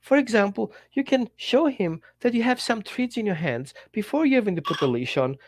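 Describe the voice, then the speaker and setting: Animated man teaching dog training. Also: high voice, normal speed, no echo. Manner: animated, talks straight to the viewer, acts out little quotes. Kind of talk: direct-to-camera teaching talk.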